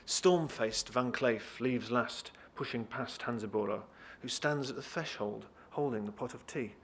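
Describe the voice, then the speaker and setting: A man's voice: mid-range voice, unhurried, slightly rough. Man reading a novel aloud expressively. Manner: lively expressive reading, talks briefly to listeners. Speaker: reader.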